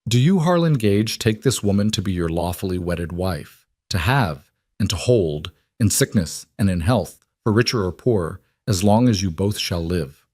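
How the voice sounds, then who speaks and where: A man's voice: sits low, expressive, darkish tone, no room sound, studio quality. A man as a solemn frontier reverend. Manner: formal, measured recitation.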